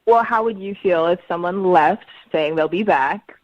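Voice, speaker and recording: A woman's voice: fairly low pitch, moderate pace, no echo. Hesitant woman on a muffled phone line. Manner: hesitant, guarded. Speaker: caller on the phone.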